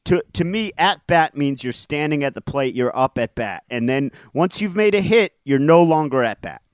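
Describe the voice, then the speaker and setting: Lively-voiced man chatting on a podcast. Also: on the high side, clean tone, no echo. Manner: chatty, quick to argue a point, laughs often. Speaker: podcast co-host. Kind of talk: casual chat about crossword clues.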